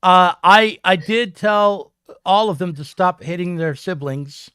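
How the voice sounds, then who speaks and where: An older man hosts a casual political talk show. His voice sits high for a man, and the sound is dry and close. He talks haltingly with fillers, wry and self-deprecating. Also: steady tone, sharp tone, clean tone, dry recording. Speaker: host.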